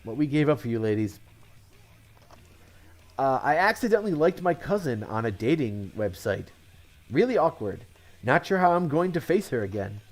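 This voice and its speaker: A man's voice: mid-range voice, big pitch swings, moderate pace, pauses often. Man chuckling at his own one-liners. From Connecticut, USA. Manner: chuckles at his own jokes, offhand self-commentary. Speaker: comedian. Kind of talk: telling one-liner jokes.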